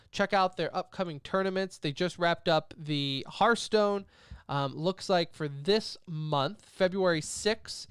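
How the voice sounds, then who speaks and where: A man's voice: on the high side, clear, resonant tone, dry recording, clean studio sound. A man co-hosting an esports podcast, running through news items in a loose, joking way. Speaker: podcast co-host. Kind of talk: casual esports podcast chat.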